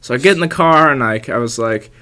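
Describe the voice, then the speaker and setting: A young man in his twenties rattles through a travel story at a quick clip. His delivery is loose and rambling, packed with fillers and casual swearing. His pitch sits in a middling range. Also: sharp tone. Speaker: podcast guest telling a travel story.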